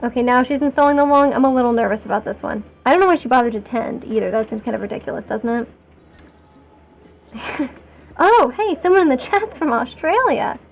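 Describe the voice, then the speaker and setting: A woman streamer with a high voice talks through her game in a loose, rambling way. She keeps poking fun at herself and gets excited easily. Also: fairly quick, slight background noise. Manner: rambling and chatty, talking to chat while playing; self-mocking and excitable. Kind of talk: casual live-stream commentary.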